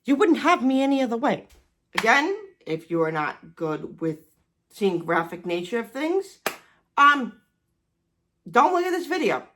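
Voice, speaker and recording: A woman's voice: on the high side, very animated, unhurried, long pauses, a bit bright, slight background noise. A woman in her forties telling a personal story in a casual vlog, self-deprecating and swearing often. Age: 40s. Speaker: vlogger.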